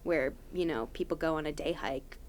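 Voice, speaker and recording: A woman's voice: deep voice, moderate pace, a little hiss or hum. A young adult woman, a podcast guest, telling a story casually and animatedly with lots of "like" fillers.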